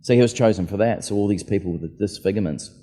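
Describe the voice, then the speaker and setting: A man's voice: lowish voice, rapid-fire, mellow. A man telling stories casually on stage as an author at a book festival, acting out the voices of people he met. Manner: chatty, acts out quoted voices. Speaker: author and aviator, festival guest. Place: festival venue hall. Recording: reverberant hall.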